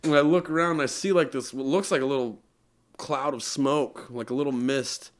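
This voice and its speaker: A man's voice: mid-range voice, steady tone, normal speed. Earnest rambling young man telling a story. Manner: rambling, earnest, many "like" fillers. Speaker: musician guest. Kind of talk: storytelling in a podcast interview.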